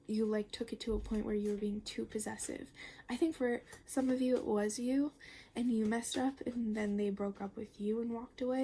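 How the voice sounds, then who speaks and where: A young woman giving a casual tarot reading, chatty and rambling, full of fillers and the odd curse word, sometimes slipping into a soft near-whisper. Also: fairly high pitch, slight background noise. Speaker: tarot reader.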